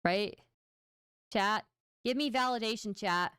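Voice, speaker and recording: A woman hosting a livestream speaks slowly in a mid-range, slightly bright, clean voice. She chats casually and playfully with viewers, poking fun at herself and addressing chat directly. The sound is clean studio audio with no room sound.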